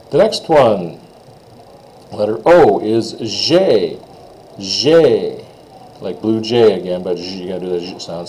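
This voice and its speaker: Low, mellow man teaching French sounds. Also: lively intonation, slight background noise, poor audio. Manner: slow, drawn-out model phrases mixed with quick asides. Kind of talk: casual pronunciation lesson.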